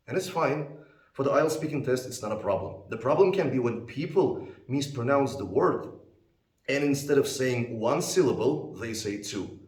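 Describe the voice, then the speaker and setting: A man's voice: medium pitch, darkish tone, roomy sound. A man teaching English test preparation, explaining with patient, plain speech and repeating example words. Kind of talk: explanatory lesson.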